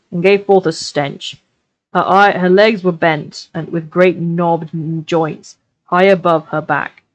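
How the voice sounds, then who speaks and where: A woman reading a novel aloud on a live stream, with expressive delivery that slows down for dramatic passages. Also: on the low side, dry recording, low-quality recording.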